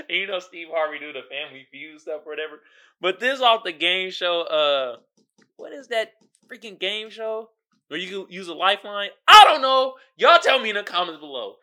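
A man hosting his own solo podcast in casual, slangy chat, animated and laughing, with sudden loud outbursts, talking straight to his listeners. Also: fairly high pitch. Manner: slangy, addresses listeners directly. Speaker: podcast host.

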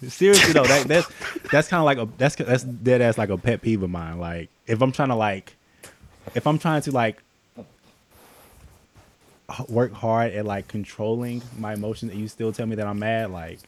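A man's voice: lowish voice, moderate pace, long pauses. A man hosting a casual group chat, laid-back and slangy, laughing often.

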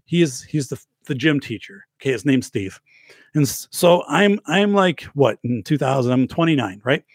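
A man's voice: medium pitch, no echo, studio quality. A man in his forties, a podcast host telling a rambling story in casual livestream chat, full of restarts and repeats. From Wisconsin, US. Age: 40s. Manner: rambling, self-interrupting storyteller with many restarts.

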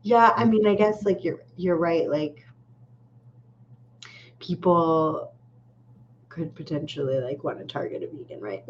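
A woman co-hosting a podcast in easygoing casual chat, quick to laugh. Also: low voice, lively intonation. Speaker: podcast co-host. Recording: muffled lo-fi call with faint noise.

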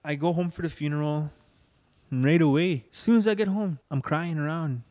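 A man's voice: on the high side, a little fast, a little mellow. A young man telling his personal story of loss in an earnest, emotional way, acting out what people said to him. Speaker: guest. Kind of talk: personal testimony in conversation.

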